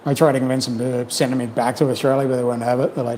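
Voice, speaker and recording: A quick-talking male host from New Zealand chats casually with his livestream, telling frank, curse-laden stories loaded with fillers. His mid-range, darkish voice barely shifts in pitch. The poor-quality audio has slight background noise.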